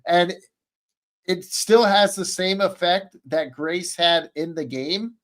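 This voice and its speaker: A man on a streamed podcast call, recapping an anime in a rambling, excitable way, full of fillers and restarts. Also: high-pitched, takes it slowly. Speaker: podcast panelist. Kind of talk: casual chat, recapping an anime.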